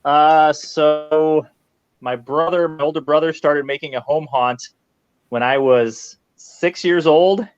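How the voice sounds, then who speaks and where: A man's voice: a little high, fairly even intonation, takes it slowly. A man in his forties, a guest mask maker, chatting casually and joking over a video call. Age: 40s. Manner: jokey, easygoing. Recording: dull, dry video-call audio.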